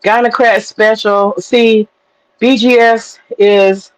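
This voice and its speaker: Animated, cursing woman streamer, slightly high. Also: moderate pace, low-quality recording. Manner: animated, profane storytelling with laughter. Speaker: livestream host. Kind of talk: casual livestream commentary.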